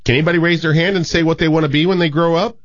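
A man's voice: on the high side, steady tone, rapid-fire, voice pushed up, close to an everyday voice. A man voicing a weary female schoolteacher asking her class questions, on a dull lo-fi recording. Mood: coaxing. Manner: patient, coaxing questions. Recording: dull lo-fi radio sound.

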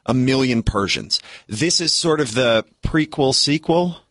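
A man's voice: mid-range voice, animated, measured pace, fairly bright tone, no echo, clean studio sound. A man co-hosting a radio chat, giving blunt, clipped opinions on films. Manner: blunt, short verdicts. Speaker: radio co-host. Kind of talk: casual chat.

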